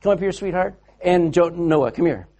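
A man preaching to a gathered audience in a fervent, urging way. His voice sits a little high and sounds husky. He calls out and directs volunteers between points. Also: animated, normal speed, warm tone. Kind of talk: sermon. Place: hall with a live audience.

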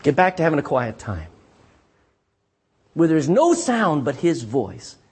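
Man, pastor, high-pitched, husky, sermon, dramatic loud-to-hushed delivery. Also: big pitch swings, measured pace. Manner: asks the congregation for "Amen?" responses; reads scripture in King James wording.

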